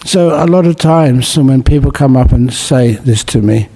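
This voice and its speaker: A Buddhist monk giving a relaxed dharma talk at a city meditation centre, teaching gently and mixing in humorous stories. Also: male voice, mid-range voice, moderate pace. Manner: humorous, storytelling with jokes.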